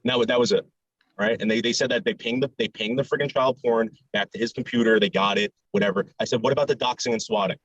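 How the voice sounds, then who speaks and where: A man's voice: mid-range voice, steady tone, fast, fairly bright tone, no echo. A man arguing on a group call, defensive, stammering and repeating himself. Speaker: stream guest. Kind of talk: heated group call argument. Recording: dull lo-fi call audio.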